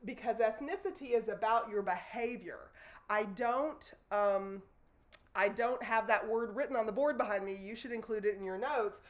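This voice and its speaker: A woman, teaching a sociology lesson to students in a loose, conversational way with fillers and self-corrections. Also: on the high side. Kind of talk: recorded classroom lecture. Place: classroom in front of a board.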